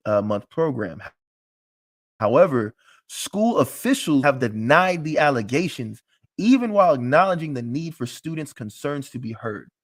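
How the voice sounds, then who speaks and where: A man teaching a live class in a casual, emphatic, joking way, with frequent restarts. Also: mid-range voice.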